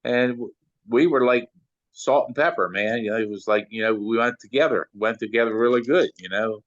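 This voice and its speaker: A man's voice: medium pitch, fairly quick, no room sound, lo-fi sound. Rambling older man telling stories. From Maryland. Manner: rambling, full of "you know" fillers. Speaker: interview guest, sound engineer. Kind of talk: casual storytelling.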